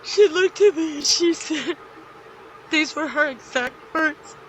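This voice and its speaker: Slow, halting, high bright-voiced woman. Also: dull audio, a little hiss or hum. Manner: halting, with many pauses; emotional, grief-stricken. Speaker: podcast guest. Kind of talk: telling a personal story.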